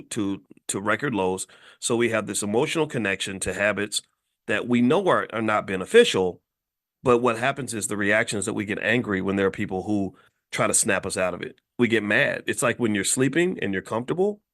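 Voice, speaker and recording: A man's voice: lowish voice, a little fast, a bit bright. A man from Kentucky hosting a podcast, talking emphatically with frequent restarts and repeated words. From Kentucky, USA. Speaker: podcast host. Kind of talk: passionate social commentary.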